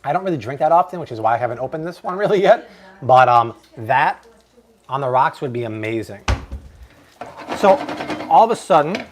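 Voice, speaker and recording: An excitable man leads a live cooking show from a home kitchen. His voice sits at an ordinary middle pitch, and his delivery is eager and exclamatory. A pan sizzles faintly behind him. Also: moderate pace, pauses often, a little hiss or hum. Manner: enthusiastic, exclamatory.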